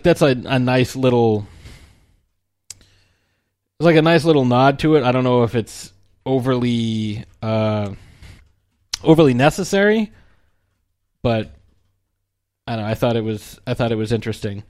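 A man's voice: mid-range voice, unhurried, pauses often, a little mellow, dry recording. Casual male film commentator, meandering delivery, dead-dry recording. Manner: rambling, full of fillers and restarts.

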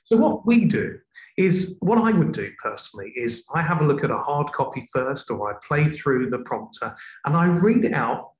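Male presenter, lively shifts in tone, a touch high-pitched, roomy sound. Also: normal speed. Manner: expressive, varies tone for emphasis. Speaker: TV presenter, guest. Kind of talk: explaining presenting technique in a conversation.

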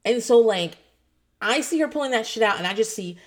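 Animated swearing woman telling a story. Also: fairly high pitch, brisk. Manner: animated, swearing, quotes others in voices. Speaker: foster parent telling a story. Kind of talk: casual storytelling vlog.

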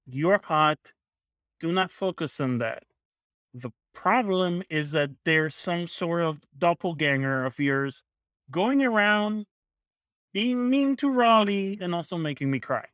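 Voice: medium pitch, lively intonation, slow pace, fairly bright tone, clear, resonant tone, no room sound. Casting a player as a blunt young woman mage student; speak plainly, with a dry, close sound. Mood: firm. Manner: blunt, bickering.

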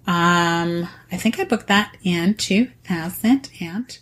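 A woman in her forties, a voice actor, chatting casually on a podcast in an animated, rambling way with frequent laughs. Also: fairly low pitch, slow pace. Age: 40s. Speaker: voice actor guest.

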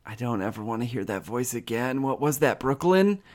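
A man's voice: medium pitch, very animated, brisk, darkish tone. Wry young man co-hosting a comedy podcast. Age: young adult. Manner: wry, mock-exasperated, stammering restarts. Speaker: podcast co-host. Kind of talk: casual comedy chat.

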